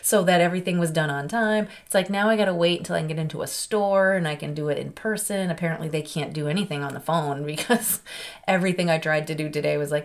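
A woman with a slightly low voice talks straight to her podcast listeners in a personal, confessional way. She is candid and heartfelt, and her sentences ramble and circle back on themselves. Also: quick pace. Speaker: podcast host.

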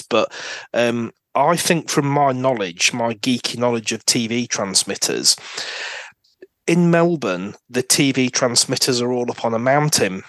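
A man's voice: medium pitch, fairly bright tone, dry recording. A British man with a mid-range voice chats as a podcast guest. He is eager, asks questions and piles on nerdy detail. The recording is dry, with no room sound. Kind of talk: casual chat about TV dramas.

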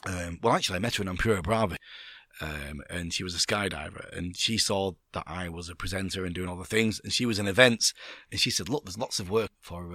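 A man's voice: low-pitched, dry recording, clean studio sound. A man in his fifties, a skydiving presenter, telling stories as a guest in a casual interview and acting out the people he quotes. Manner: lively storyteller acting out quoted voices.

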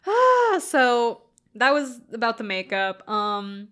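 A young woman reviewing a film in relaxed conversation, her voice bright and forceful and sitting a little high. She laughs easily and acts out lines from scenes as she goes. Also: takes it slowly. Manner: animated, laughs often, acts out quotes. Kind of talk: casual movie review chat.

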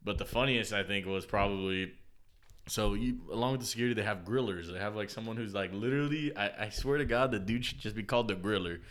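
A man's voice: on the low side, quick pace, fairly bright tone. A young man telling a story in a casual podcast chat, laughing often, acting out the people he met, in a slangy, profane way.

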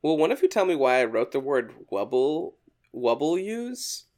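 A man's voice: a little high, very animated, normal speed, a little mellow. Laughing, rambling podcast host man. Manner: laughs often, rambling with restarts. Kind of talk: casual podcast chat.

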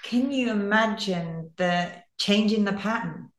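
A woman hosting a casual podcast conversation, reflective and affirming, quick to laugh. Her pitch is ordinary for a woman. Her voice carries a noticeable room echo. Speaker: podcast host. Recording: echoey room.

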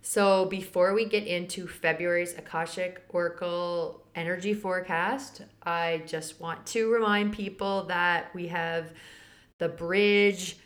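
A chatty woman who hosts a podcast and teaches the Akashic Records talks casually in a lower voice with a steady tone, a little slowly. She laughs often and raises her pitch when quoting other people.

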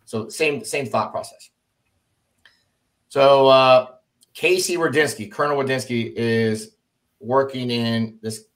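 A middle-aged man recounts his army days in an easygoing, conversational way. His voice sits in a middle register but springs upward whenever he mimics someone else's words, giving the tale a lively, theatrical bounce. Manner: animated, acts out quoted dialogue with jumps in pitch. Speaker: former army officer telling his story. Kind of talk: casual storytelling in a conversation.

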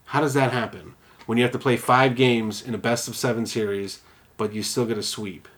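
A man's voice: mid-range voice, steady tone, fairly quick, a bit bright. A man co-hosting a podcast, telling a sports story in casual, profane chat and acting out quotes. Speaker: podcast co-host.

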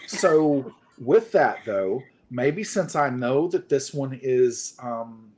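A man's voice: mid-range voice, expressive, slow, a little mellow, slight background noise. A man playing in a tabletop horror game, talking in a rambling, hedging, playful way. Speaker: player. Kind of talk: in-character tabletop play.

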